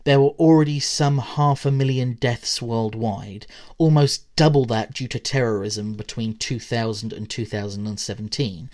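A man's voice: normal speed, a little mellow. A man hosting a podcast, reading a prepared essay aloud with quotes and brief casual asides. He lifts his voice at each new point and lets it fall away at the end. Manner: rises in pitch and volume at new points, then trails off. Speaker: podcast host.

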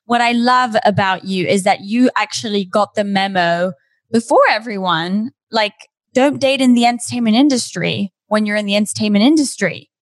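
A chatty woman hosting a casual interview, talking frankly and laughing easily. Her voice sits in a middle pitch and is recorded close, with a dry, dead sound. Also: normal speed, dry recording. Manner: chatty, laughing, candid with swearing. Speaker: host.

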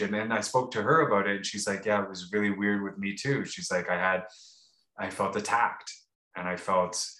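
A man with a fairly low, sharp-toned voice co-hosts a podcast, telling a casual, meandering story marked by many restarts and fillers. Roomy echo colors the recording.

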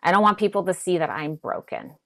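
A woman speaking as a therapist guest, giving gentle advice and often repeating words as she thinks. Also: lowish voice, brisk. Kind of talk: casual advice talk.

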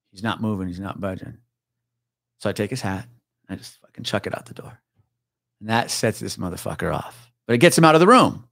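Retired cop guy telling stories on a podcast, lowish voice, cussing and laughing, dry close sound. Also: expressive, fairly quick, a bit bright, no room sound. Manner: swears freely, laughs through his story. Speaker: retired police officer, podcast guest. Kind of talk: casual storytelling.

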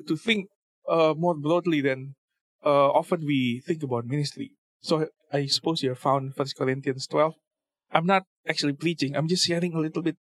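A man's voice: fairly high pitch, dry recording. A man giving an informal church talk with scripture reading, speaking conversationally with many fillers and repeated words. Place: church service venue.

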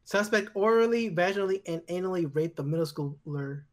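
A man with a very high voice reads a news story aloud on a casual podcast. His delivery is flat and matter-of-fact, with blunt asides in between. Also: fairly quick. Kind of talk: reading a news item aloud in casual chat.

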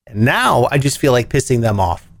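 Animated man ranting comedy news. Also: normal speed, dry recording. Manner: animated, jokey, swings pitch for punchlines. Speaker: podcast host.

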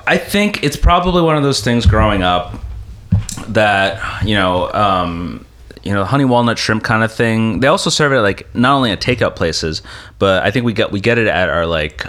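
A man's voice: on the low side, moderate pace. A man from New Jersey chatting casually on a podcast, telling stories and laughing often. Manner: animated storyteller, laughs often. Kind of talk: casual chat.

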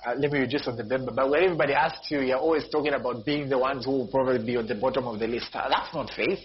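A pastor preaching a sermon, repeating phrases and jumping up in pitch and volume for emphasis. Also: male voice, fast talker, husky. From Zambia. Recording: dull lo-fi recording with faint noise.

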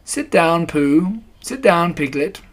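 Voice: medium pitch, big pitch swings, slow, pitched above the performer's own voice. A reader voicing a pompous, solemn old owl in a storybook reading, long-winded and formal.

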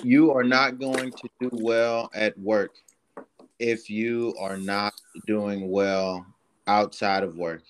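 A man co-hosting a casual podcast chat, explaining his points in a slow, measured way. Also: on the low side, fairly even intonation, a little hiss or hum. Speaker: podcast co-host, submariner.

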